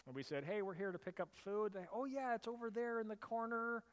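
Male pastor, high register, animated sermon with loud emphatic peaks, long hall reverb. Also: fairly quick. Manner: animated storytelling, rising to loud emphatic bursts.

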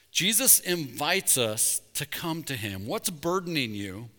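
A man preaching a sermon as pastor, conversational with jokes, rising to loud emphasis at points. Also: medium pitch, animated, moderate pace, few pauses. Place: church sanctuary. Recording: reverberant church sanctuary.

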